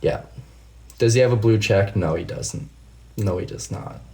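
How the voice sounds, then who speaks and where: A man's voice: lowish voice, measured pace, mellow. Fired-up, profane man ranting to his viewers. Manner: talks straight to viewers by name. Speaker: livestream host. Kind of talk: casual livestream chat answering comments.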